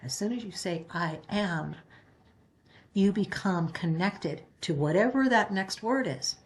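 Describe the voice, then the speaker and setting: A woman giving a spiritual reading, talking in an earnest, gentle way that rambles and restarts as she explains. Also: medium pitch, lively intonation, moderate pace. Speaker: spiritual reader. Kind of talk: spiritual guidance talk.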